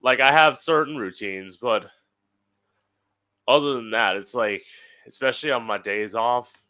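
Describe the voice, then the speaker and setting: A young man talks through a solo podcast from his house in an unhurried, drawn-out way. He is chatty and sardonic, with a mid-range voice, and drops swear words freely. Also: mid-range voice, sharp tone. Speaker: podcast host. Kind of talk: casual solo podcast monologue. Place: at home.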